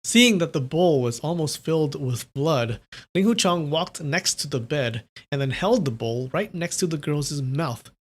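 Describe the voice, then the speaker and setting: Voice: medium pitch, lively intonation, a little slow. Casual live-stream novel reader. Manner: casual, playful, chatty asides. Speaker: streamer reading a novel aloud.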